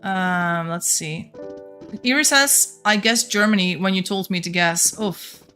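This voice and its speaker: A Flemish woman from Belgium whose first language is Flemish, chatting casually with viewers on a game stream, a little monotone at times. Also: lowish voice, a little slow, faint music behind. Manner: a bit monotone at times, laughs often.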